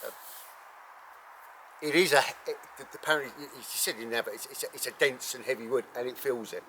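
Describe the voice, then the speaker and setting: A man hosting an archery channel, talking casually and rambling with many ums and self-corrections while reviewing a bow outdoors in bright sun. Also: medium pitch, fast, a little hiss or hum. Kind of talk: casual unscripted gear review.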